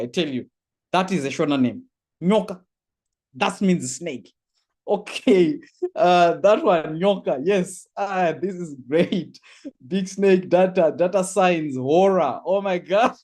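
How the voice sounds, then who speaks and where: A man running a live online course orientation, reading chat answers aloud with lots of laughs and exclamations. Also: high voice. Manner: animated, reads chat aloud, laughs often.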